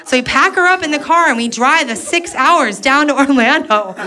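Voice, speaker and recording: Sarcastic woman stand-up, animated pitch, live crowd laughing. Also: moderate pace. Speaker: stand-up comedian. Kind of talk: stand-up comedy set. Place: comedy club stage. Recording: live audience laughing around.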